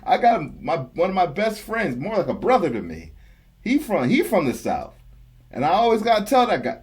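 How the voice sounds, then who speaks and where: A man's voice: high-pitched, wildly swooping pitch, normal speed, slightly rough. A young man hosting a reaction video, chatting casually and laughing often as he talks back at a clip.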